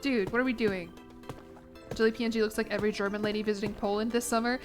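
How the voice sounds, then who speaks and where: A woman's voice: medium pitch, fairly even intonation, fast, soft background music. A young American woman streaming a game, chatting in a rambling way with lots of restarts, a bit congested. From United States. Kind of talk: casual gaming stream chat.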